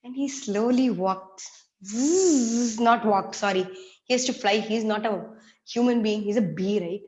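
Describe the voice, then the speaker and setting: A woman telling a story to children and leading them in actions, speaking in an animated, sing-song way and talking to them directly. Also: medium pitch, a little slow. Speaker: children's storyteller and activity leader. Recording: echoey room, dull lo-fi sound.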